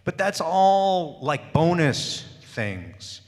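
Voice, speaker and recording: A man's voice: on the high side, big pitch swings, extremely slow. A male voice actor speaking on a convention panel, talking emphatically and throwing rhetorical questions at the audience. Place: large convention hall. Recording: long hall reverb.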